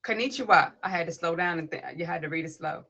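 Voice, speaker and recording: Creaky bright-voiced woman hosting a livestream. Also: on the low side, fast, rough recording. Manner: chatty, greets viewers and passersby by name. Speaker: host of a poetry livestream. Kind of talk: spoken word reading and casual livestream chat. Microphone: tablet device.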